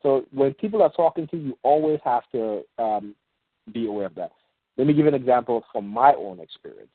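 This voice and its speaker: A man hosting a call-in show, explaining things in a rambling, halting way with many fillers and restarts, and reading example passages slowly. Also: mid-range voice, animated, dry recording. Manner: reads example passages aloud in a slow, measured way. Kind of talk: casual talk on a phone call-in show. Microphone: phone. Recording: tinny phone line, dry.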